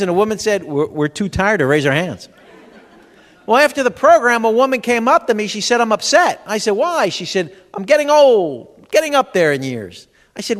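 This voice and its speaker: A middle-aged man doing stand-up comedy as a stress educator, playful and acting out the people he quotes. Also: high-pitched. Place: event hall before a live audience. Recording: reverberant hall.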